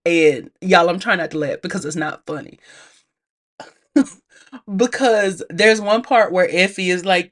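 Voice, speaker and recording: Chatty, animated woman reviewing a film. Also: on the low side, measured pace, long pauses. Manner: chatty and animated, laughs often; addresses viewers directly, acts out characters' lines. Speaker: movie reviewer. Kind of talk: casual movie review.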